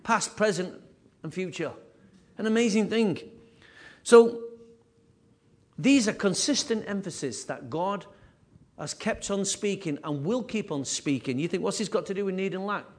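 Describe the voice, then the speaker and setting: A man preaching a sermon with emphatic, repetitive phrasing, his voice rising and falling in loudness. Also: high-pitched, a little slow. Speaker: pastor.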